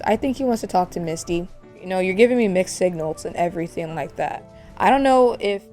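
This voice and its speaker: A woman's voice: on the low side, a little mellow. A woman hosting a gaming channel, narrating a life-sim let's play in a chatty way, speculating about her characters with gasps and laughs.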